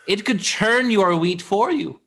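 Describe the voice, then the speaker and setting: A man voicing a small, nervous male thief who stammers and flatters a giant in an improvised comedy scene. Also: sits high, measured pace, vocal fry, full character voice. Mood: fawning. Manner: stammering, fawning.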